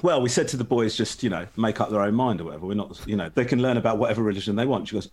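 A man's voice: mid-range voice, lively intonation, fast. A middle-aged man in casual chat, rambling through family stories and acting out quoted voices. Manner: rambling storyteller, acts out quoted voices, laughs often. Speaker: podcast co-host.

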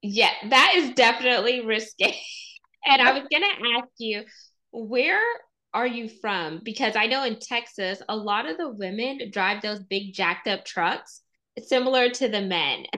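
A woman's voice: a little high, lively intonation, a little slow, sharp tone. A woman hosting a podcast interview, who introduces her guest with enthusiasm. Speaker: podcast host.

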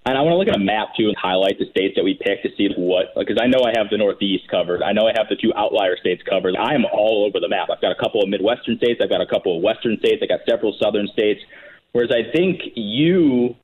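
A man co-hosting a podcast in casual chat, chatty and quick to laugh. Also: lowish voice, darkish tone, low-quality recording. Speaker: podcast co-host.

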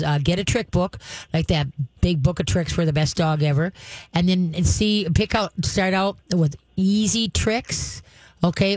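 A chatty dog trainer coaching a caller through puppy training. The talk wanders and restarts, with playful dog talk and frequent laughs. The pitch sits in the middle range and the sound is close and dry, with no room echo. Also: darkish tone. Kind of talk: advice chat with a caller.

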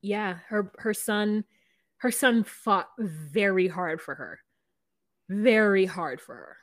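A woman's voice: mid-range voice, takes it slowly, dry recording, clean studio sound. A woman co-hosting a podcast, chatting casually about a reality show and mimicking its people. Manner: animated, laughs, mimics people she discusses. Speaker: podcast co-host. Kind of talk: casual recap chat.

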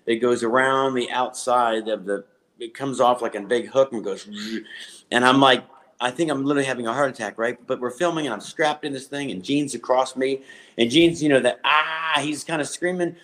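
A male comedian guesting on a podcast, with a mid-range voice. He tells his stories in a rambling, halting way, stumbling into restarts as he goes. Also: mid-range voice, a bit bright. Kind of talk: casual anecdote telling.

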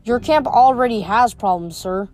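A woman's voice: on the high side, normal speed, a little mellow, close to an everyday voice. Woman reading as a defiant thirteen-year-old boy. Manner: defiant, snapping.

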